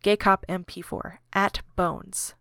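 A woman narrating a podcast, reading a chat log aloud in a deadpan way, usernames and emoticons included. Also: on the low side, slow, gravelly, no room sound, clean studio sound.

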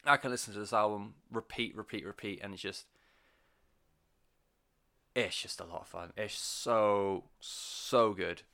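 A man talks through an album in a loose, rambling way, full of fillers and cheerful swearing. His voice sits a little low but sounds bright and forceful. He gets audibly excited about what he loves. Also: measured pace, creaky, long pauses. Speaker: album reviewer. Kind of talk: casual spoken music review.

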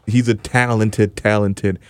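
Canadian guy cohosting a podcast, low voice, jokey, lots of restarts, dry sound. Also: flat delivery, no room sound. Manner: joking, talks fast with restarts and fillers. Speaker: podcast co-host. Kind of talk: casual chat.

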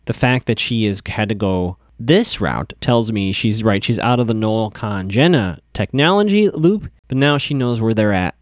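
A man's voice: fairly low pitch, lively intonation, moderate pace, hardly any pauses, no echo, studio quality. A young man casually recapping a TV episode, chatty and amused, with plenty of fillers. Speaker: podcast host recapping a TV episode.

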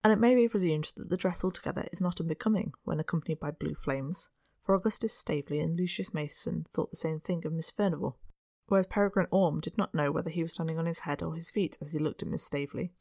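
An audiobook narrator giving an even, measured reading of a period novel. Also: mid-range voice, vocal fry, dry recording, studio quality. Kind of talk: scripted narration of a Victorian novel.

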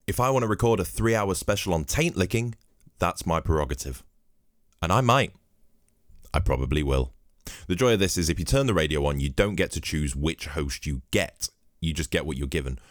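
A man's voice: sits low, no echo, clean studio sound. A man hosting his own podcast, telling rambling, cheeky, profane stories while he drinks at his home microphone. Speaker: podcast host. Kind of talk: comedic podcast monologue.

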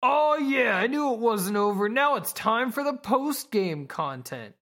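A woman's voice: a little high, lively intonation, a little slow, a bit bright, voice pushed up. A woman voicing a goofy, cheerful young male himbo fighter while recapping a show. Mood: dopey cheer.

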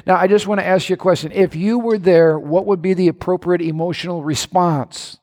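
A male pastor preaching a sermon in a church, animated and emphatic, with sudden bursts of shouting and playful mimicry. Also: sits high, brisk. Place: church hall. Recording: echoey church hall.

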